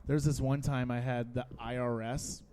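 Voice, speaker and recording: A man co-hosting a radio talk show, chatting casually and telling animated stories, often laughing. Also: mid-range voice, moderate pace. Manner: animated storyteller, laughs often, mimics callers. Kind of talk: casual chat.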